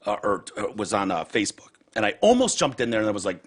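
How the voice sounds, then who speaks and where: A man's voice: lowish voice, very animated, quick pace, slightly rough. A man hosting a podcast in casual chat, ranting heatedly and profanely and acting out other people's words. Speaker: podcast host.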